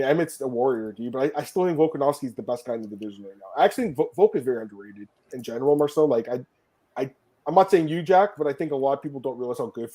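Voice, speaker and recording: A man hosting a casual sports podcast, talking fast and excitedly, swearing and laughing often. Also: medium pitch. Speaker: podcast host.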